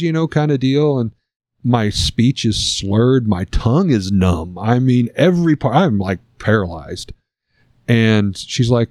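A man's voice: medium pitch, normal speed, darkish tone, no room sound, studio quality. A middle-aged man in an interview, telling a personal story in an earnest, reflective, conversational way. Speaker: guest sharing a personal story.

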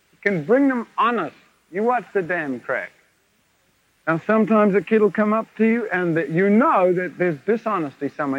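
A man preaching at a revival meeting, telling stories and acting out the dialogue with chuckles. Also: high-pitched. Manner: animated, acts out quoted dialogue, chuckles often. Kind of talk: revival sermon with storytelling. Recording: lo-fi 1970s tape of a live meeting.

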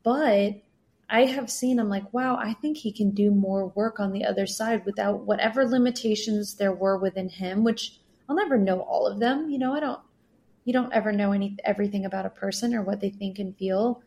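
A woman guest on a podcast, telling personal stories in an earnest, sometimes animated way. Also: mid-range voice, normal speed. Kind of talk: casual podcast conversation.

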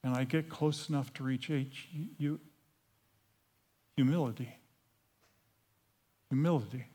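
A man preaching a sermon as a dramatic story, swinging from hushed confession to loud outbursts. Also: mid-range voice, steady tone, measured pace.

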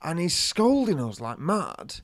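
A man's voice: a little high, huge pitch swings, a little slow, no echo, clean studio sound. A man, co-hosting a podcast and telling a long anecdote in casual chat, acting out the people in it. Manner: rambling anecdotal storyteller, acts out quotes. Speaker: podcast co-host.

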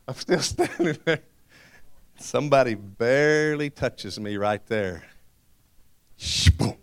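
A middle-aged man with a drawl preaches from the pulpit, weaving a personal testimony into his sermon. He tells it in an animated, storytelling way and breaks into laughter again and again. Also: a little high.

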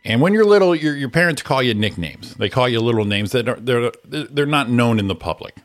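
A middle-aged man co-hosting a morning show, telling stories in casual chat and shouting out the voices of people in them. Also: medium pitch, fairly quick, faint music behind. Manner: animated storyteller, shouts out quoted voices.

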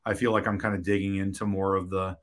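Director guy in an interview, lowish voice, blunt, keeps restarting sentences, swears some. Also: level tone. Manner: frank, halting, many restarts and profanity. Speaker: film director guest. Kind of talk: candid interview talk.

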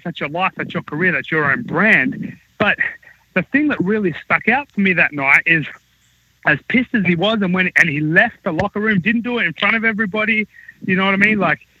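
A man with a high, husky voice tells a rambling, profane wrestling anecdote in casual podcast chat. His speech is heard on dull lo-fi podcast audio with a dry, close sound. He piles up restarts and asides as he builds the story. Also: no room sound. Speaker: wrestling talent recounting backstage stories.

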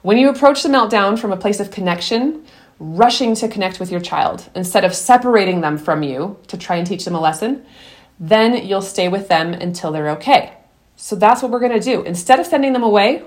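A woman's voice: mid-range voice, animated, a little fast. A woman hosting a podcast, giving earnest, encouraging parenting advice and telling her own story, often restarting sentences. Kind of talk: earnest advice talk mixed with personal story.

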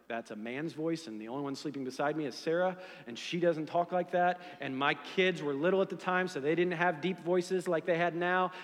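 A man preaching a sermon as pastor, swinging between loud emphatic lines and soft hushed ones. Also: fairly high pitch, long reverb tail. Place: church sanctuary.

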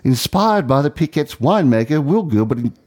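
A man's voice: fairly high pitch, sing-song, brisk, a little mellow. A man co-hosting a casual radio chat, reading news items aloud with many fillers and restarts. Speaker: radio co-host.

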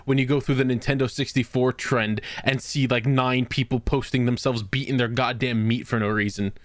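A co-host on a casual comedy podcast, making crude deadpan jokes and often cracking up. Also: mid-range voice, normal speed, no room sound, clean studio sound.

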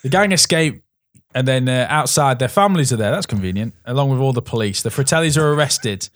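A man's voice: medium pitch, lively intonation, brisk, no echo. A man co-hosting a casual movie commentary, recapping the plot in a dry, sweary way. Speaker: podcast co-host.

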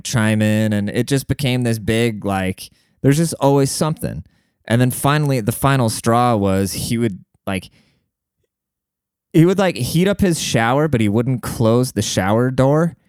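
A young man telling a long story to his viewers in a casual, profane, animated way, talking to them like a buddy. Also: medium pitch, moderate pace, smooth, dry recording, clean studio sound. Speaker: vlogger.

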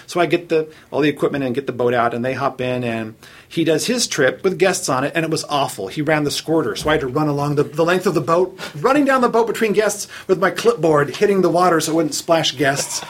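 A man with a slightly high, husky voice spins an animated yarn in casual chat. He pokes fun at himself and laughs along with his own punchlines. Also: quick pace. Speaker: storyteller on a chat show.

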